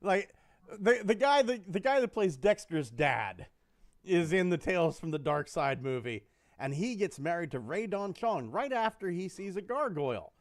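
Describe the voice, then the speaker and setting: A male podcast host telling stories in casual chat, animated and swearing often. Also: high-pitched, moderate pace.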